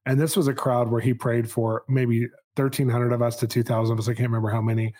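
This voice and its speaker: Man spinning a lively personal anecdote. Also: mid-range voice. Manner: animated, self-amused anecdotal telling with quick asides. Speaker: podcast host telling a personal story. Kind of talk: casual storytelling.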